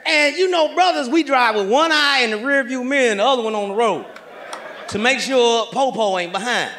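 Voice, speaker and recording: Brief: middle-aged male stand-up comic with a very high voice, brash and profane, live audience audible. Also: a little fast. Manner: brash, profane, loud punchlines. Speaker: stand-up comedian. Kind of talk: stand-up comedy set. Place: live comedy stage before an audience. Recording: live show with crowd and noise.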